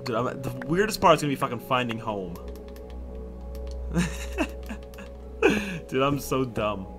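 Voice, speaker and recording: Young dude yelling and cussing thru his minecraft let's play, voice jumps all over, game music under it. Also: medium pitch, slow pace. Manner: excitable, swears a lot, loud outbursts. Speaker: gaming YouTuber.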